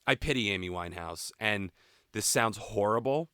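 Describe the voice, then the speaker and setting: A man's voice: on the low side, moderate pace, clear, resonant tone, no echo, studio quality. A man co-hosting a music podcast in casual chat, talking candidly with frequent profanity. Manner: candid, profane, animated opinions. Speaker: podcast co-host.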